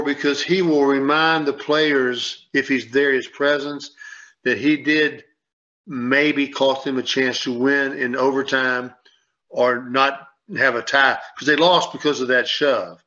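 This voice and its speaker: A man's voice: mid-range voice, sharp tone. A man on a sports radio show, rambling and repeating himself as he tells a story and acts out what people said. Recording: dull lo-fi sound.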